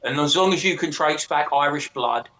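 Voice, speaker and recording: A man in loose casual chat, his voice pitched a little high. He swears a lot and acts out other people's voices while telling his stories. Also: moderate pace. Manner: profane, animated storyteller who mimics others.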